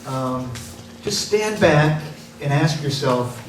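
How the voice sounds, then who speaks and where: A man's voice: a little high, expressive, slow pace. A man giving an informal eulogy with humor and laughing asides. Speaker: memorial speaker. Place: coffee house gathering. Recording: roomy, distant, chatty crowd.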